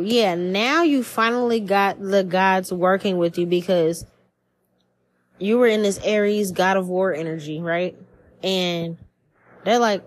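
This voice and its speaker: A woman giving a casual spiritual reading as a podcast host, blunt and profane, acting out the voices she quotes. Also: medium pitch. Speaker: tarot and astrology reader.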